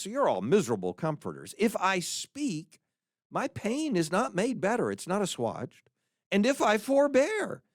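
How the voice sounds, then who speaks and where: Male podcast teacher, high-pitched and lively, earnest scripture reading, close dry mic. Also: no room sound. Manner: earnest and animated, quoting scripture with feeling, small restarts. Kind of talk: conversational Bible teaching.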